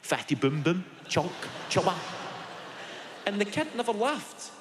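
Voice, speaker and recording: A man's voice: sits high, big pitch swings, noisy background. A man in his thirties with a Glaswegian Scottish accent, doing a sweary stand-up routine in a theatre in front of a live audience. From Scotland. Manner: sweary, storytelling, quick asides. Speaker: stand-up comedian. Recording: echoey live hall with loud audience laughter.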